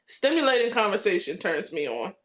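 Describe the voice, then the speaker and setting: A woman's voice: medium pitch, big pitch swings, a little fast, fairly bright tone. A woman co-hosting a casual podcast chat, sassy and blunt. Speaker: podcast co-host.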